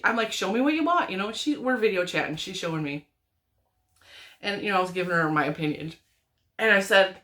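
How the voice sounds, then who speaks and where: A woman crochet vlogger, perhaps in her thirties, chatting at home in a rambling, giggly way as she tells family stories. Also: fairly low pitch. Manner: rambling, giggly, animated retelling with frequent laughs. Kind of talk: casual chatty storytelling.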